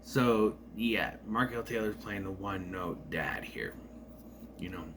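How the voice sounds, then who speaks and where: A man's voice: fairly low pitch, measured pace, background noise. A man giving a casual, rambling movie review with sarcastic asides.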